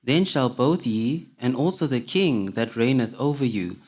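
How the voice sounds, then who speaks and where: Male scripture reader, mid-pitched voice, steady and measured delivery. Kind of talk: reading scripture aloud.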